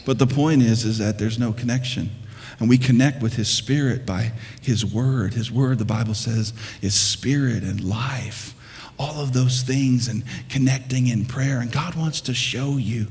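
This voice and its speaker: A male pastor delivering an energetic sermon with touches of humor, building up to fired-up exclamations. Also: mid-range voice, normal speed, husky. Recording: long reverb of a large hall.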